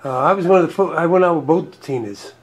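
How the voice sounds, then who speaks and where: A man's voice: on the high side, fast. A man hosting a talk show, chatting casually in an easygoing, rambling way. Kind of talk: casual chat.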